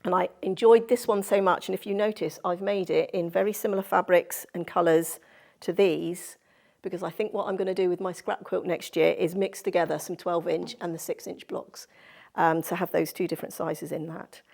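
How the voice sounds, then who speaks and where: Woman, low-pitched, gravelly, chatty sewing tutorial, effusive. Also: steady tone, normal speed, darkish tone. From Cornwall, England. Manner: chatty, effusive, gushing over fabrics. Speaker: sewing instructor. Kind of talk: quilting tutorial demonstration. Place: sewing studio.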